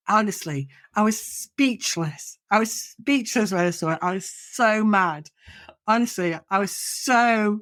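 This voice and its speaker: A middle-aged woman speaks in a fairly low register, sounding dry and close to the mic. She talks casually on a podcast. She tells stories animatedly and often restarts her sentences. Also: dry recording. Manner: animated storytelling, many restarts and self-corrections. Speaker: podcast co-host.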